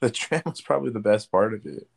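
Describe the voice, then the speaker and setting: A man's voice: lowish voice, fast, vocal fry. Young man telling stories, laughing often. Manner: animated storytelling, laughs often. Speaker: podcast host. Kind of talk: casual chat.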